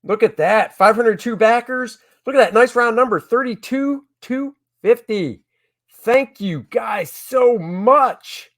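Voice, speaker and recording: A man who makes comics, chatting excitedly with viewers on a casual crowdfunding livestream from home. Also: extremely high pitch, slow pace. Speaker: comic creator hosting a crowdfunding stream.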